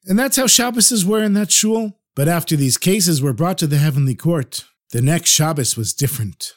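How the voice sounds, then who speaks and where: Expressive male storyteller. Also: on the high side, moderate pace. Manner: animated, expressive storytelling, explains terms as he goes. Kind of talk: storytelling narration.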